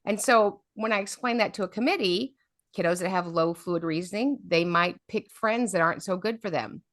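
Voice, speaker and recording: A woman's voice: mid-range voice, moderate pace, no echo, clean studio sound. A middle-aged woman, an advocate telling stories in an interview and often checking in with "right?". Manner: lively storyteller, often adds "right?". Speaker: special education advocate, guest. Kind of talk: storytelling interview talk.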